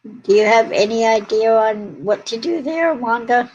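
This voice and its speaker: A tired woman hosting a casual livestream at home, talking slowly and greeting viewers in the chat. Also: a little high, lively intonation, a little mellow, highs cut off. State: yawning and tired. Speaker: livestream host.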